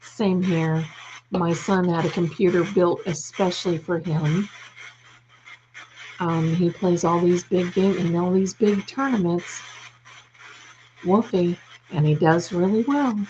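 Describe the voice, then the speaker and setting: Woman live-stream host, warmly affectionate with viewers, unhurried, with a faint hiss behind. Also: lowish voice, fairly even intonation, lo-fi sound. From United States. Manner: affectionate, calls viewers darling. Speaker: livestream host. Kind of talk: casual live chat reading comments. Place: home.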